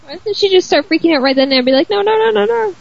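A man putting on a shrill, squeaky-voiced whiny woman, asking mocking falsetto questions. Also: very fast. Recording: muffled lo-fi recording.

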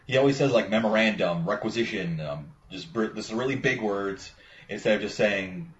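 A man's voice: fairly low pitch, moderate pace, fairly bright tone. Man cohost, rambling movie rant, muffled sound, echoey room, faint hiss. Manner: rambling, profane, lots of "like". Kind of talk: casual movie chat. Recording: roomy, muffled recording with faint ambience.

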